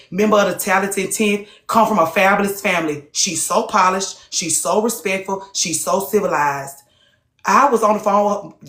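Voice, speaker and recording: Her voice sits in the mid range with a fairly bright tone as she leads a live group talk. Casual and heated, she swears freely and fires rhetorical questions at her audience, all captured in an echoey room.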